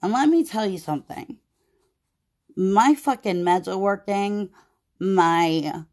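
A woman podcast host venting about her job in a casual, profane, animated way, with many "like"s. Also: medium pitch. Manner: profane, animated storytelling with lots of "like".

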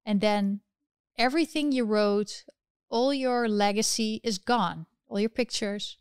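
Impassioned woman with a very smooth voice. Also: mid-range voice, a little slow, no echo. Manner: impassioned, fires rhetorical questions. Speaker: political commentary host. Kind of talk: livestream commentary reading chat.

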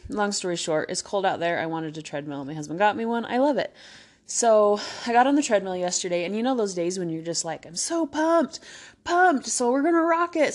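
A young woman chatting casually on her own podcast from a room at home, bubbly and talkative, acting out her own thoughts as she goes. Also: medium pitch. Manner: bubbly and chatty, with lively self-quotes. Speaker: podcast host. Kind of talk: casual solo podcast talk. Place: room at home with a child playing nearby.

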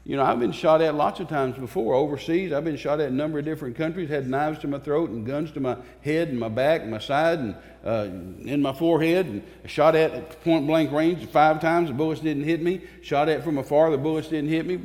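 A man's voice: fairly high pitch, darkish tone. A man preaching a sermon to a church congregation, fervent and emphatic, repeating phrases for force. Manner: fervent, emphatic, with pauses and repetitions. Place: church sanctuary. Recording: long reverb of a church hall.

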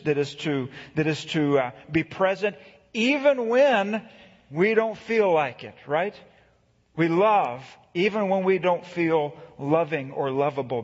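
A middle-aged man preaching a sermon, earnest, slowing down to read scripture and building emphasis. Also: a little high. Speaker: pastor. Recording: echoey hall, dull lo-fi sound.

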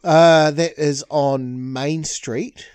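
A man, co-hosting a casual podcast, easygoing and quick to laugh. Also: on the high side, fairly even intonation, a little mellow, smooth, dry recording. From New Zealand. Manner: easygoing, laughs often, short agreeing replies. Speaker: podcast co-host. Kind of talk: casual chat.

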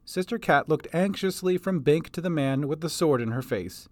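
A man narrating his homemade audio story, lively and scripted. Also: a little high, moderate pace, few pauses, no echo. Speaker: podcast storyteller. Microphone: home recording setup.

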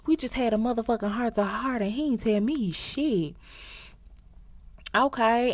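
A woman hosting a podcast, telling a TV plot in a casual, animated and profane way, acting out the characters' lines. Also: medium pitch, vocal fry, dry recording, studio quality. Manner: animated, profane storytelling with acted-out quotes. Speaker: podcast host. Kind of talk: casual recap of a TV series.

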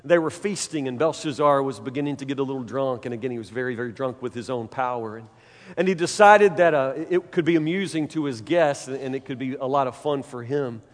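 A man preacher telling a Bible story in a sermon, animated and dramatic, often repeating his phrases. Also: medium pitch, brisk. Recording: long hall reverb.

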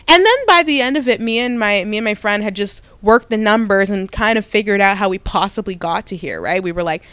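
A young woman talks through a personal story in a smooth, clear voice at a middle pitch. She is animated and often restarts or corrects herself mid-sentence. The sound is dry and close, with no room around it. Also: brisk, hardly any pauses, no room sound. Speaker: podcast host.

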